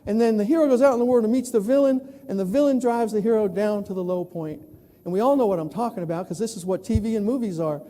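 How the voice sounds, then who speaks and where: High-voiced man giving a keynote. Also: fast. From New York. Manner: animated, acts out quoted people. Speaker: plenary speaker. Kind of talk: conference keynote storytelling. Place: large conference hall. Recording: long reverb of a large hall.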